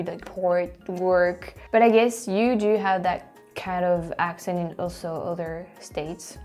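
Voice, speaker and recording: Host: French woman, mellow tone, excitable reactions over faint music. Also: medium pitch. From France. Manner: animated, exclaiming and laughing often. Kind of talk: casual reaction commentary.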